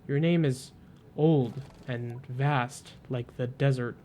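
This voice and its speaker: A man voicing a gentle, motherly female queen of desert creatures, speaking graciously and formally over soft game music. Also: mid-range voice, fairly even intonation, takes it slowly, slight background noise, close to an everyday voice. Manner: gracious, cooing, slightly formal.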